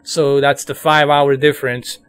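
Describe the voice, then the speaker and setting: A man's voice: mid-range voice, flat delivery, normal speed, fairly bright tone, clean tone, no echo. A man with a New York accent giving casual live commentary on a game to his viewers. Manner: casual, chatty, addresses viewers. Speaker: streamer.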